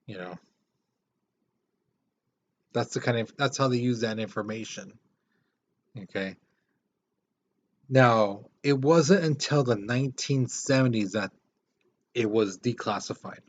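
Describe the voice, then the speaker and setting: A male history teacher lecturing a class in a relaxed, conversational way. His voice sits at an ordinary middle pitch. The recording is a little dull and lo-fi. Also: a little slow, pauses often. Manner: casual, conversational explaining with repetitions.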